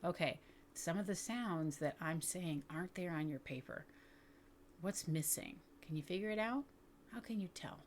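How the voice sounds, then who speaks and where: A woman teaching educators reading techniques, explaining patiently and slowly sounding out words with careful enunciation. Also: deep voice, slight background noise. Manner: clear, deliberate enunciation of sounds. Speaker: literacy teacher. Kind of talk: instructional video for educators.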